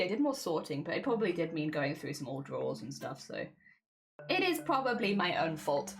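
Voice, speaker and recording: A woman's voice: mid-range voice, big pitch swings, a little fast. A woman chatting casually and rambling as she talks, with a slightly wheezy breath from dust. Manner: chatty, rambling, with fillers and self-corrections. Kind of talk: casual chat. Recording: music playing in the background.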